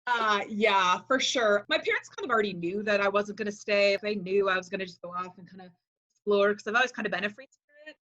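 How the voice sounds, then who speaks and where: A woman in her forties from Wisconsin, a high school teacher telling her story as an interview guest, animating quotes in a chatty way. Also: fast, lo-fi sound. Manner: animated, acts out quoted speech with "like".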